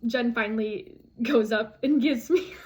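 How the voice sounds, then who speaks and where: A woman talks casually to her camera in a vlog, in a voice pitched a little high. She rambles in a friendly way, with plenty of fillers, and laughs at herself. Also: unhurried. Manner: chatty, giggly, self-deprecating with many fillers. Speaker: flosstube vlogger.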